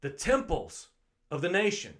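A man's voice: on the high side, wildly swooping pitch, a little slow, fairly bright tone. A man preaching an earnest online sermon, pleading with his listeners and often repeating his phrases. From United States.

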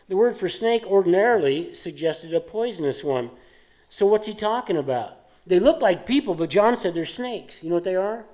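A man preaching a sermon, teaching through Bible verses in an emphatic, conversational way, swinging from loud points to hushed asides. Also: high voice.

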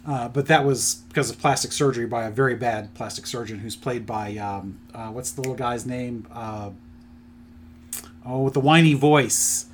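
A middle-aged man chatting on a podcast, rambling as he retells a story with plenty of ums and uhs. His voice sits at an ordinary pitch for a man, with a faint hiss of noise behind it. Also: moderate pace. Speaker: podcast co-host presenting his picks. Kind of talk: casual chat.

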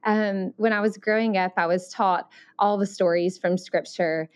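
A woman in her forties from Alabama with a Southern accent, telling her story as an interview guest in an earnest, thoughtful way with many pauses and ums. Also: mid-range voice, fairly even intonation. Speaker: missionary guest.

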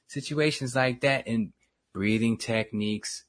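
A man co-hosting a casual talk show, animated and slangy, often trailing off and restarting. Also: medium pitch, a little slow. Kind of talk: casual chat.

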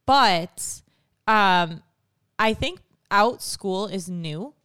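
A woman in her thirties, a mother, chatting casually and telling stories in an animated way as co-host. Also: mid-range voice, drawn-out words, clean tone, no room sound, clean studio sound. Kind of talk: casual chat.

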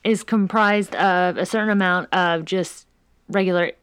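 A woman's voice: fairly low pitch, a little slow, clean tone. A woman co-hosting a podcast in casual chat, talking in a chatty way and acting out what people said. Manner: chatty, animated retelling. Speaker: podcast co-host.

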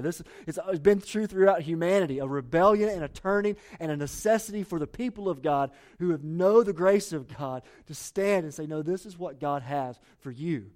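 A man's voice: sits high, darkish tone. A male pastor preaching a sermon to his church in an earnest, urgent way, restarting and repeating phrases as he builds his points.

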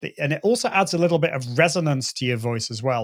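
A man's voice: mid-range voice, brisk, few pauses. A middle-aged man, a guest on an interview show, explaining voice and presenting technique and demonstrating sounds as he goes. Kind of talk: conversational interview.

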